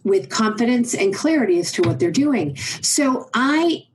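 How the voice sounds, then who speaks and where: A middle-aged woman, a leadership advisor, talking as a podcast guest in an animated, emphatic storytelling way. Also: on the high side, unhurried, slight background noise, low-quality recording. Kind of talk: conversational interview.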